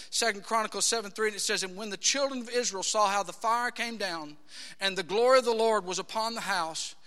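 A man delivers a sermon with a high, sharply bright voice, building from talk to shouts. His words ring out with a long reverb, as in a church sanctuary. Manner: emphatic, rising to shouts, quotes scripture in acted voices. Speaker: pastor.

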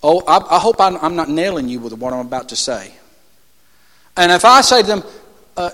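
A male preacher with a high, bright voice that leaps all over its range, working the crowd with call-and-response questions. His sermon rings with a long church reverb as he jumps from shouts to hushed asides. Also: big pitch swings, moderate pace. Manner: shouts and drops to soft asides.

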